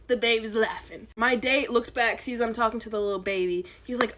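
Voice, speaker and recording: A young woman telling a first-date story in an animated, dramatic storytime monologue. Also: medium pitch, moderate pace, hardly any pauses. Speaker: storyteller in a clip.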